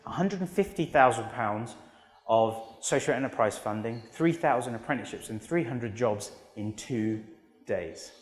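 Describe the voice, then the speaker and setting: A man's voice: medium pitch, moderate pace, soft background music. British man speaking in an echoing hall. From United Kingdom. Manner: energetic storytelling with acted quotes. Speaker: motivational speaker. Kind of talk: motivational keynote talk. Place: large auditorium. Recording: long hall reverb.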